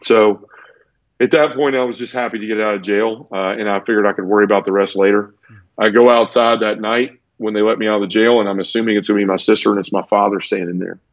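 A man's voice: lowish voice, fairly even intonation, fast, no room sound. Teary, earnest man telling his story. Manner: earnest, repeats words and restarts often. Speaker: interview guest. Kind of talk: emotional personal storytelling in conversation. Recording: dull lo-fi dry sound.

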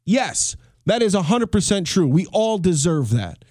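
Host, male, 30s, high-pitched, heated swearing rant, dry close mic. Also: very animated, measured pace, darkish tone, no room sound. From United States. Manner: fired-up, swearing, repeats and restarts. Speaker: podcast host. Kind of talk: solo podcast rant.

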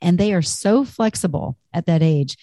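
A woman talks fitness in a chatty, encouraging way that pokes fun at herself. Her voice sits a bit low and mellow. The recording is dry and close, with no room echo. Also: animated, normal speed. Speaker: fitness instructor. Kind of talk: upbeat fitness talk.

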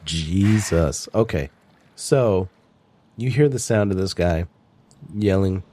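Low, husky game master. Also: male voice, a little slow, warm tone. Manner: laughs often, joking. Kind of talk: narrating a tabletop game.

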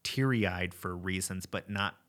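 A man's voice: low-pitched, unhurried, fairly bright tone. A young man co-hosting a casual talk show, thinking aloud in a rambling way. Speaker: podcast co-host. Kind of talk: casual chat.

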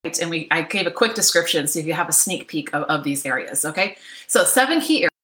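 A woman's voice: low-pitched, lively intonation, fast, fairly bright tone, reverberant. A middle-aged woman coaching an online workshop, upbeat and chatty, often checking in with "right?". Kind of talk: live online workshop talk. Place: home office.

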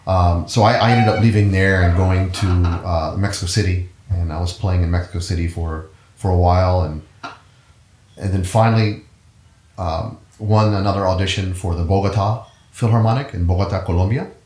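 A man's voice: low voice, steady tone, moderate pace, a little mellow. A middle-aged man, a musician guest in an interview, telling his story in an easygoing, rambling way and often correcting himself. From United States. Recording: roomy echo.

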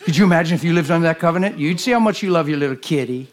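A man preaching a sermon in a church, animated and jokey, swinging from loud bursts to hushed lines. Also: fairly high pitch, very fast. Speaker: guest preacher.

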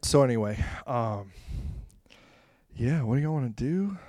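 A man telling a rambling personal story in a casual way, acting out scenes with sudden loud bursts. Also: mid-range voice, lively intonation, measured pace, dry recording. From Florida, USA. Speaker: speaker sharing a testimony.

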